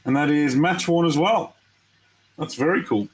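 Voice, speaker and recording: Speaking at a moderate pace in a fairly high voice, this Australian host talks viewers through a live card break on a low-quality recording. He's chatty and excitable, reacting to every pull as he streams.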